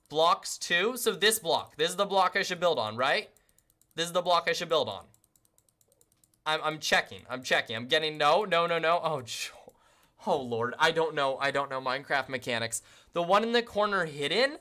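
A game streamer with a medium-pitched, sharp voice chats casually with viewers while playing. They talk to chat constantly, poke fun at themselves, and keep welcoming everyone again and again.

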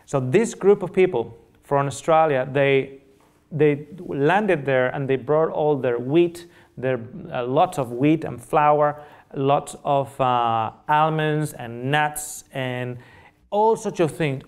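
A man's voice: a little high, slow, darkish tone, clean tone. Earnest middle-aged male lecturer, Spanish native. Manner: earnest storytelling, repeats phrases, checks in with the audience. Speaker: nutrition lecturer. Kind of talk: public lecture.

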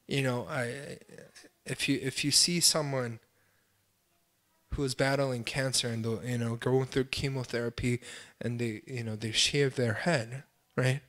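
A young adult man, a pastor, preaching a sermon with impassioned swells and pleading cries, then dropping to quiet, self-deprecating asides. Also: mid-range voice, steady tone, measured pace.

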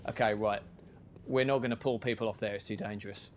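A man's voice: on the low side, steady tone, fast talker. A man giving casual, chatty commentary while playing a video game, with self-mocking asides. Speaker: gaming video creator.

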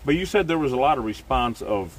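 A man's voice: medium pitch, expressive, quick pace. A man hosting a casual vlog outdoors, joking and rambling, his speech slightly slurred after dental surgery. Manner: jokey, rambling, self-mocking. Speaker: host. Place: outdoors on rural property. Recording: distant mic with loud outdoor noise.

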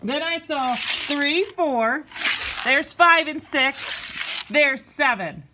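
Background noise accompanies a middle-aged woman's comic vlog, recorded at home in her bedroom. She draws out her words in a high voice, ranting to camera with exasperated gasps and exclamations.

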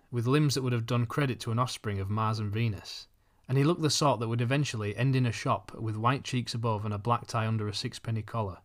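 Narrating an audiobook, this mid-range male voice tells the story at a steady, even, measured pace.

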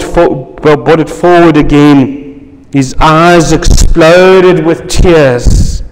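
A male pastor delivering a dramatic first-person storytelling sermon. He is emphatic, lingering on key words with long pauses. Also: fairly high pitch, big-room sound, slight background noise, poor audio.

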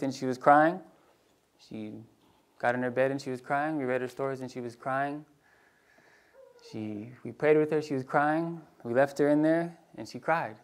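A man preaching in a casual storytelling way, acting out voices in his anecdotes and dropping to a hushed tone for tender moments. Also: mid-range voice. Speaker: pastor. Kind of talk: storytelling sermon.

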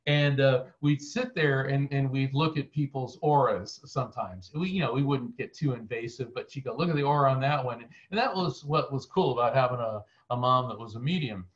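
An earnest man tells a story as a guest on a video call, his voice at an ordinary middle pitch for a man. He talks in a conversational way and often restarts his sentences. The call audio sounds dull and lo-fi. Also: moderate pace, hardly any pauses. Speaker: guest medium.

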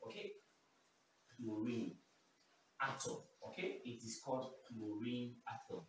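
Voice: medium pitch, fairly even intonation, measured pace. A chemistry teacher giving a simplified video lesson, repeating key terms and often checking in with "okay?". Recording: very echoey room, voice far from mic, faint noise.

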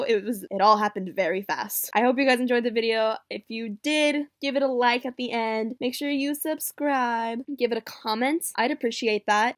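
A young woman vlogging casually at home, excitable and giggly, recorded on a laptop or camera mic. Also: on the high side. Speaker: YouTuber. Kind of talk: casual vlog reaction. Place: at home, indoors.

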